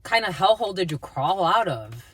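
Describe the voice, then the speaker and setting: A woman's voice: fairly low pitch, normal speed, breathy edge. A woman giving a casual spiritual reading to camera, blunt and swearing freely, often breaking into laughter and calling her viewers "my lovies". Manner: animated, laughs often mid-sentence. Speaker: spiritual reader and channeler.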